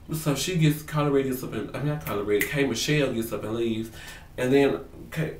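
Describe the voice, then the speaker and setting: A man casually reviewing a reality show for his vlog, talking in animated, profane slang and acting out what people said. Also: mid-range voice, recorded from a distance, a little hiss or hum. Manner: animated, profane, slangy, acts out quotes in voices. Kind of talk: casual gossip commentary to camera. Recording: roomy sound, away from the mic.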